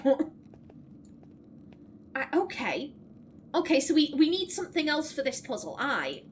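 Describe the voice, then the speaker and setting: A woman's voice: sits high, a bit bright, a little hiss or hum. A young adult woman hosting a let's play, chatting casually, thinking aloud and reading the game text. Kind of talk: casual gameplay commentary.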